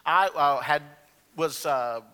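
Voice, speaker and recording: Bright-voiced pastor preaching. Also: male voice, on the high side, slow pace, smooth. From Alabama, US. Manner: earnest, emphatic preaching, stressing key words. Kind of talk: sermon. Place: church sanctuary. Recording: long reverb of a church hall.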